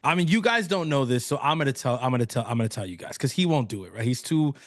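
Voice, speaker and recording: Male co-host, lively swinging pitch, hype-man banter, dry close mic. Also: fast talker, no echo. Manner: hyped banter, laughs and cheers the host on. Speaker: podcast co-host. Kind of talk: casual sports podcast chat.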